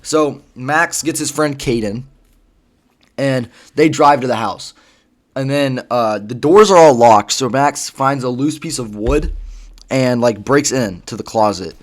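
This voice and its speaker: A man's voice: medium pitch, a little slow. A man casually retelling a story, rambling with lots of fillers and swearing. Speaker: vlogger.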